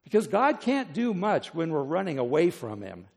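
Male pastor, fairly high voice, dramatic sermon delivery, echoing church hall. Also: huge pitch swings, normal speed, gravelly, a little mellow, slightly rough. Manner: dramatic preaching, acting out pleas to God with rising voice.

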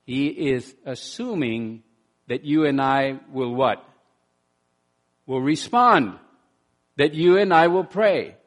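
Animated male preacher with loud bursts. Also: mid-range voice, slow, pauses often. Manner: repeats words when restarting. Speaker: pastor. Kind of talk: sermon.

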